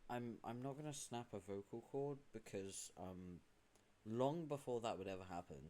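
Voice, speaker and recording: A man's voice: medium pitch, moderate pace, mellow. A British man streaming, chatting casually with dry, sarcastic asides. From Britain.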